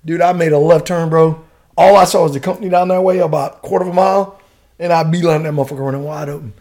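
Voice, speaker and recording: Fast-talking, profane army veteran man. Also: fairly high pitch. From United States. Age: middle-aged. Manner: profane, slangy, animated storyteller. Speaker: podcast guest, retired soldier. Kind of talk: casual storytelling.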